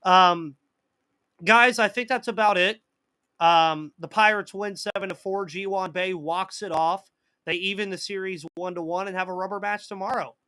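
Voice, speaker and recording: A man's voice: sits high, steady tone, moderate pace, bright, forceful tone, clear, resonant tone, dry recording. A man hosting a live sports podcast in casual chat, reading out viewer comments and answering them, with a slight cough. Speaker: podcast host.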